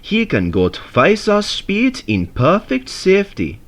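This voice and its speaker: A man reading a storybook aloud, voicing a wise old male mountain engine who talks calmly with dry teasing. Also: high voice, slow, voice pushed up, heavily acted.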